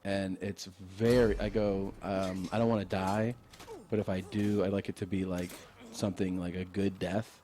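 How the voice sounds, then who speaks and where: A man, a comedian and podcast co-host, telling a relaxed story in casual chat with plenty of fillers. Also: sits low, normal speed.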